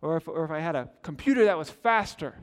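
A slightly high, expressive male voice talks quickly in a big-room space. It's a middle-aged pastor delivering a sermon through conversational storytelling, performing the quoted parts.

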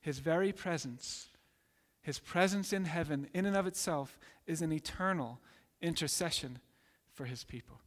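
Male preacher, emphatic sermon delivery, higher register, long reverb. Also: moderate pace. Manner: emphatic, acts out voices in quotes.

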